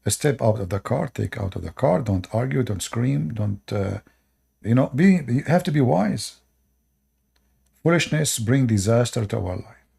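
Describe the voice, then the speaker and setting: Hosting a live stream, a native Arabic-speaking man from the Middle East lectures his viewers in short, repeated commands with broken grammar and an Arabic accent. His medium-pitched voice is animated, creaky, dark and husky, moving at a moderate pace.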